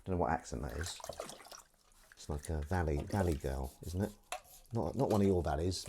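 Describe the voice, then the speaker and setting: A low-pitched man chatters away in a home kitchen while he washes dishes on a live stream. His delivery is lively and swoops all over, full of jokey, self-mocking asides. A faint hiss sits under the voice. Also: normal speed, creaky, pauses often. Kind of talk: casual rambling live-stream chat.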